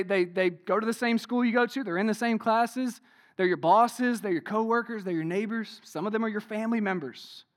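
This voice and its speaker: High-voiced man preaching a sermon. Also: fairly bright tone. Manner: conversational, keeps asking rhetorical questions and tags "right?"; says "y'all".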